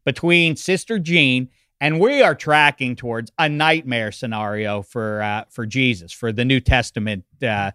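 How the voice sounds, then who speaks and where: A middle-aged man co-hosting a sports talk show, joking wryly at his own expense with halting restarts. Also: medium pitch, bright, forceful tone, clear, resonant tone, dry recording, studio quality. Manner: wry, self-mocking, halting restarts. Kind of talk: casual sports banter.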